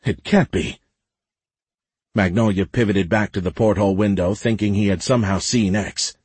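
A man reads a science-fiction audiobook in a steady, dramatic way. His voice is low and husky. The recording is dry and close, with no room sound. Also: a little fast, no echo. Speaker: audiobook narrator. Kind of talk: scripted narration.

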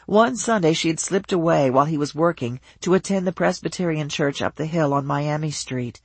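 A measured audiobook narrator carries the story at an even pace. The voice is husky and close, recorded dry. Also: medium pitch, no room sound.

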